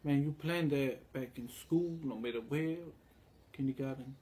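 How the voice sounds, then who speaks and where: A man's voice: mid-range voice, a little slow, dark tone. A man telling a rambling, crude story in a casual way, acting out the others in it. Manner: meandering and crude, acts out other voices in quotes. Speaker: vlogger.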